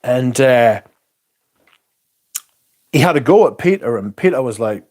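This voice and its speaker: Guy on his livestream, sweary rant, rambles, mid pitch. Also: measured pace, pauses often, darkish tone. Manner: profane, ranting, rambling. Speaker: livestream host. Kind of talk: casual livestream chat.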